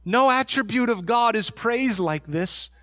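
A man preaching a sermon as pastor, emphatic, and slowing down on key words. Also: very high voice, lively intonation, sharp tone, no room sound, clean studio sound. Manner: emphatic preaching, slows for stress.

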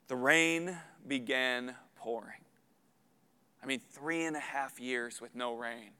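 A man in his thirties preaching a sermon as a pastor, earnest and building to loud emphatic peaks. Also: medium pitch, slow, clear, resonant tone. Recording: long hall reverb.

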